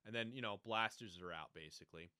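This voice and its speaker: A man co-hosting a podcast, chatting casually and animatedly about a TV show, jumping into quick character impressions. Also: fairly low pitch, pushed and bright, smooth, dry recording. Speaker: podcast co-host. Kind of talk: casual chat recapping a TV show.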